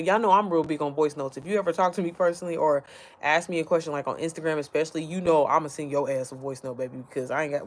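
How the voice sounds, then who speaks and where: A woman's voice: sits low, steady tone, quick pace. A woman chatting casually to her followers from home, rambling, easily sidetracked and often speaking straight to her viewers. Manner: rambling, chatty, keeps addressing viewers directly. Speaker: online business creator.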